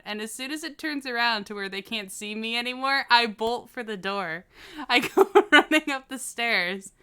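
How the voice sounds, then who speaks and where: A woman with a bright, crisp voice tells a story on a casual podcast. She keeps breaking into laughter between phrases, and her delivery stays smooth and forward. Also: medium pitch. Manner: laughs often while telling a story. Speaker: podcast co-host.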